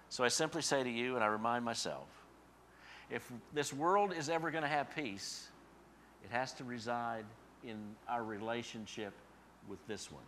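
A man preaching a sermon in a church, building to emphatic repeated phrases and then dropping to a soft close. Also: mid-range voice, moderate pace. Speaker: pastor.

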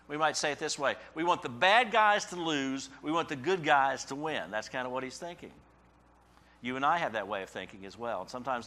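A man's voice: medium pitch, lively intonation, a little fast, pushed and bright. A man preaching a sermon in a conversational way who often checks in with "okay?" and rises sharply when he voices a prophet's cries. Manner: conversational asides ending in "okay?". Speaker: pastor.

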